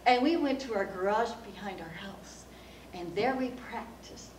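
A woman giving a speech at a speaking club, telling a childhood story in an animated way and acting out the quoted voices. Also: mid-range voice, normal speed. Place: meeting room of a speaking club. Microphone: distant recorder. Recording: roomy, distant room recording with background hum.

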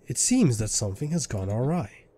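A man doing a low, aloof mysterious stranger. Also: sing-song, normal speed, mellow, a little hiss or hum, natural voice.

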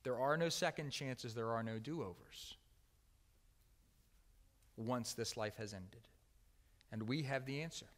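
A man preaching a sermon with earnest emphasis, often dropping to a soft, quiet voice on key words. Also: mid-range voice, a little slow, long pauses, in a large hall. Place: church sanctuary.

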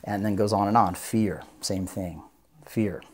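A man's voice: lowish voice, steady tone, measured pace, breathy edge. A man, a doctor of Oriental medicine, explaining his practice earnestly as a guest in a podcast interview. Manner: earnest, explanatory, acts out patients' voices.

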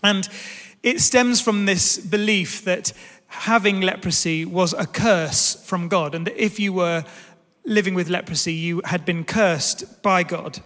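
A man in his thirties delivers a sermon in a big church, his voice pitched high for a man. He tells family stories in an animated, self-deprecating way. The sound carries a long reverb from the large hall. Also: unhurried. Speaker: pastor. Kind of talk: sermon with personal storytelling.

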